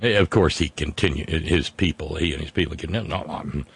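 A man's voice: extremely low pitch, brisk, creaky, slightly rough, no room sound. A man hosting a comedy talk stream, reading viewer comments with sardonic, profane asides.

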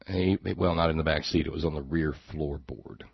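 A man's voice: a bass voice, moderate pace, vocal fry, slightly rough, dry recording, lo-fi sound. A man hosting a talk show, giving a sarcastic, rambling political monologue and repeating words as he goes.

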